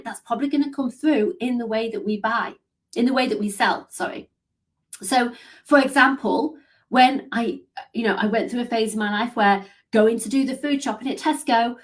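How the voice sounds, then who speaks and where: A woman leading a live coaching session, upbeat and encouraging, reading out comments. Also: fairly high pitch. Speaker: business coach.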